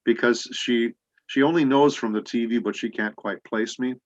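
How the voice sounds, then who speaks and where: A middle-aged man, a voice actor guest, telling rambling anecdotes with many pauses in a casual interview. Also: medium pitch, dry recording. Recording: dull lo-fi audio.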